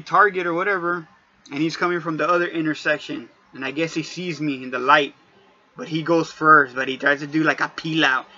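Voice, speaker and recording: A man's voice: a little high, bright, forceful tone, highs cut off. A man ranting casually to camera in a heated, profane storytelling vlog. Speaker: vlogger.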